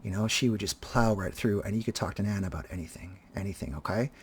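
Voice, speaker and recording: A man in his fifties with a husky, slightly breathy voice speaks casually and reflectively to his video audience. He halts often, restarting sentences and repeating words as he gathers his thoughts. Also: fairly low pitch, quick pace. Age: 50s. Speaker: vlogger and teacher. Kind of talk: reflective casual talk to viewers.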